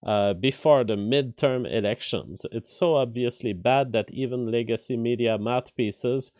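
A man's voice: medium pitch, measured pace, darkish tone, no echo, clean studio sound. A man hosting a live stream of casual news commentary. He thinks aloud with restarts and filler words, and reads headlines before commenting on them.

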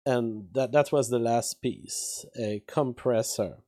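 A man's voice: mid-range voice, takes it slowly, dark tone, no echo. A man doing casual political commentary on his channel, rambling with many fillers and restarts, speaking into a studio mic from his home studio. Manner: reads chat comments aloud. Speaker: YouTube commentator. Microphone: studio mic with outboard gear.

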